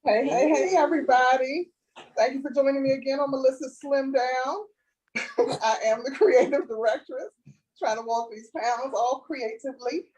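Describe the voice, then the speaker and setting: A woman's voice: high voice, steady tone, moderate pace, darkish tone. Upbeat woman speaking from far off. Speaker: co-host, creative director. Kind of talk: casual live-stream chat.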